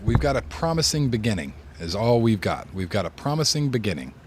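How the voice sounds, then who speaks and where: Deep voiced gamer guy rambling on bout streaming tips, lil hiss in the background. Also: very animated, brisk. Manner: rambling, repeats words, laid-back. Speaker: gaming streamer. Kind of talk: casual advice chat.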